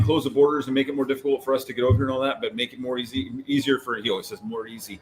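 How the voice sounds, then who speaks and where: A man co-hosting a podcast, chatting casually and telling animated stories with lots of fillers. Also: mid-range voice, rapid-fire, few pauses, faint music behind. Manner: rambling, animated storytelling with many fillers. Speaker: co-host. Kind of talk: casual chat.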